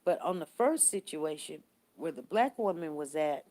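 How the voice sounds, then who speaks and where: A woman's voice: deep voice, normal speed. A woman vlogger in casual live-stream commentary, telling stories to her viewers and answering their comments. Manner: animated, conversational storytelling that repeats its points.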